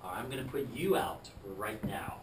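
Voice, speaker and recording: A man voicing a tough, hot-tempered male Vietnam veteran biker who talks loud, blunt and bossy. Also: lowish voice, animated, moderate pace, slight background noise, natural voice. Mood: gruff, pushy. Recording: roomy, distant mic.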